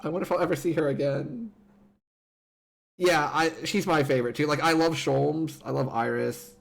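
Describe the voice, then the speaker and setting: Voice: medium pitch, moderate pace, creaky. A streamer playing a game live, talking fondly and emotionally about the characters, tearful at times. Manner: emotional, giggly, fond of the characters. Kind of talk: live game commentary and reading dialogue aloud.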